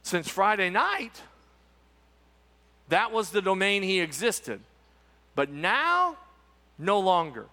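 A man preaching in a church sanctuary, his voice high and animated, rising and falling through emphatic repetitions. The sound is bright and carries a long reverb from the hall around him. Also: slow, pauses often. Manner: emphatic preaching, frequent repetitions and rhetorical asides. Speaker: pastor. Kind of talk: Easter sermon.

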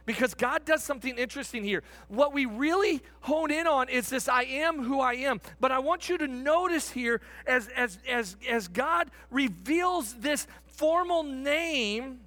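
High-voiced man preaching a sermon. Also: expressive, unhurried, hardly any pauses, sharp tone, dry recording. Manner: earnest, stretches words for emphasis, some restarts.

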